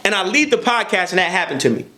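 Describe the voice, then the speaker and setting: A man with a high voice and tells a heated story in a podcast conversation. He talks in an animated, profane way, stacking repeated words when he gets worked up. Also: fast. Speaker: podcast guest.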